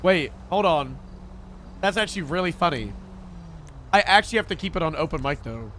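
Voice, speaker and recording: Brief: rambling male streamer, lively and fairly high-pitched, faint background noise. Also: brisk. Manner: chatty, rambling, laughs often. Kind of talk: casual live-stream chat.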